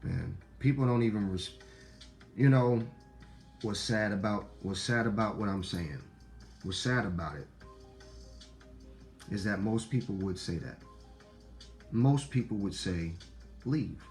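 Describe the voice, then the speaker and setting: A man with a deep voice and a Black way of talking, giving a casual, preachy monologue to viewers. He repeats lines for emphasis and swears freely, jumping from loud outbursts to low murmurs. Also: unhurried, long pauses, faint music behind. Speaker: online talk host.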